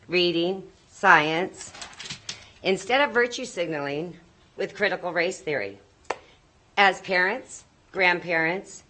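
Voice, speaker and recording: A woman's voice: fairly low pitch, pushed and bright, slight background noise. A woman, a mother, giving a nervous, emotional public comment at a board meeting and pleading with the board.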